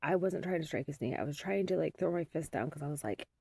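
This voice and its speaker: A middle-aged woman talks through a casual vlog after almost no sleep. She rambles in a weary, unguarded way. Her voice is low, gravelly and mellow, and the sound is dry and close. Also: lively intonation, fast talker, few pauses, dry recording. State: sleep-deprived. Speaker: mother vlogging.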